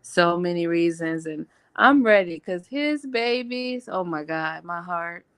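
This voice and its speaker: A woman hosting a casual video-call chat, telling animated stories and acting out what people said. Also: fairly low pitch, unhurried, smooth, no room sound. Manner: animated storyteller who acts out quotes. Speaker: reading sprint host.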